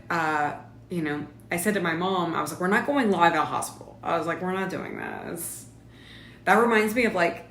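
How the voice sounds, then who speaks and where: A woman's voice: on the low side, fairly bright tone. A young woman hosting a casual live stream from home, chatting and reading viewer comments aloud. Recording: echoey room with faint background noise.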